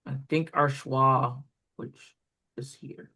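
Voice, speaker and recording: A woman's voice: rumbling low, steady tone, slow, bright, forceful tone. Woman explaining reading steps. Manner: explains step by step with fillers, pointing at examples. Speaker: reading tutor trainer. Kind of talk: instructional walkthrough.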